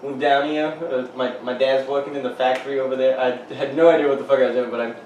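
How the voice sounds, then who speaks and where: A man's voice: mid-range voice, steady tone, fast talker, a little mellow, slight background noise. A man co-hosting a podcast, chatting loosely with a friend and swearing freely. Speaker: podcast co-host. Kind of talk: casual chat. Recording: roomy, distant mic.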